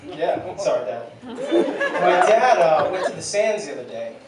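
A man's voice: high voice, very animated, a little slow, very noisy. A young man doing a stand-up set in a comedy club, telling a crude, rambling, self-deprecating story. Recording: distant, very echoey club recording with loud crowd.

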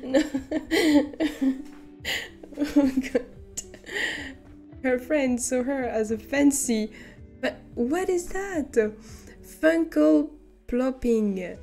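A woman's voice: high-pitched, lively intonation, extremely slow, vocal fry, long pauses, warm tone, soft background music. A young woman with a French accent who is not a native English speaker, reading a story aloud on stream and breaking into giggly, amused asides.

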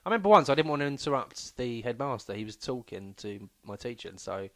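A man, co-hosting a comedy podcast and telling self-mocking stories in low-key asides. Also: big pitch swings, fast, no echo. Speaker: comedian co-host. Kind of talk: casual comedy podcast chat.

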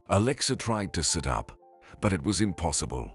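Deep husky male story narrator. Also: big pitch swings, normal speed. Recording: faint background music.

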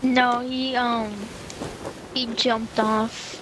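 A hesitant woman talking slowly over voice chat, pausing often with fillers. Her voice sits slightly high, with clear background noise behind her. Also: level tone. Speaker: new player. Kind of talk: casual gameplay chat.

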